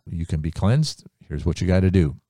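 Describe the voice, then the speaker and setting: A man playing a calm prophet's servant giving matter-of-fact instructions. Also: low-pitched, normal speed, no echo, studio quality. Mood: instructive.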